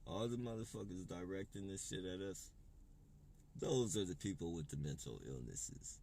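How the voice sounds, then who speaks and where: A man with a very low, dark voice rants straight to his audience, heated and full of profanity. He rambles and trips over his own words as he goes, restarting sentences again and again. A faint hiss of noise sits under the recording. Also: animated, normal speed, gravelly. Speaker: vlogger. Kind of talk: unscripted rant to camera.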